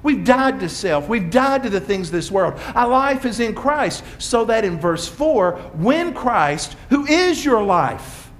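A man preaching a sermon as pastor, swinging from strong emphasis to quiet asides. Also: sits high, very animated, a little slow, hardly any pauses.

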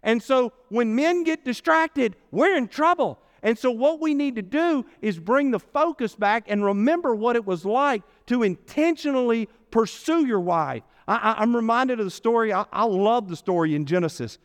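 High-voiced, animated preacher in a hall. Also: male voice, moderate pace, hardly any pauses. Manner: animated storytelling preacher, playful asides. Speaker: pastor. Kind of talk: sermon. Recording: long hall reverb.

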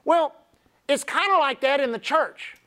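Animated preacher man, high voice. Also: a little slow. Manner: folksy, humorous, animated storyteller. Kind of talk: sermon with storytelling.

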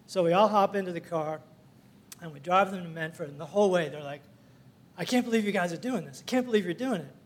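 A man's voice: sits high, fast. An older man sharing a rambling, folksy church testimony, full of fillers and little laughs. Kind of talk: casual storytelling testimony.

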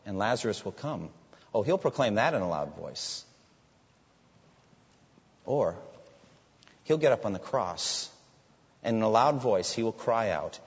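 A man preaching a sermon, swinging from loud proclaiming to hushed asides. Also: medium pitch, big pitch swings, unhurried, long pauses, breathy edge. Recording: dull audio with long hall reverb.

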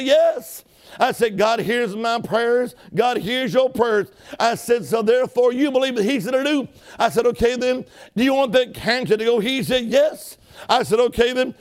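A man preaching a sermon, telling a story with emphasis and calling on the congregation to respond. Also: very high-pitched.

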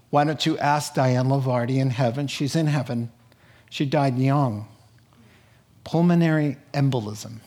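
A middle-aged man preaching a sermon, telling a story with lively acted-out quotes. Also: medium pitch. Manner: animated storytelling, acts out quoted voices. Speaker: pastor.

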